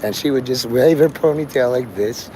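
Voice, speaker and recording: A man's voice: medium pitch, moderate pace, darkish tone, slight background noise. A man livestreaming outdoors on his phone, rambling to his chat and acting out the voices of people he quotes.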